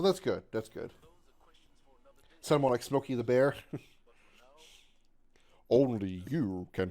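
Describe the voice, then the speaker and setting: A man in his thirties livestreams a game and chats casually with his audience, joking and cursing as he plays. He reads chat aloud and uses plenty of fillers. His voice is mid-range with a darkish tone.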